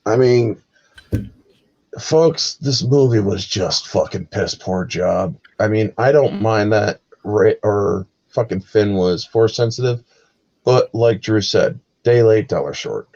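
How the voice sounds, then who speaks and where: A man's voice: fairly low pitch, lively intonation, slow pace, vocal fry, a little mellow. Ranting, swearing man on a dull lo-fi mic. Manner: profane, exasperated ranting. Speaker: host. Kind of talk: heated live review chat.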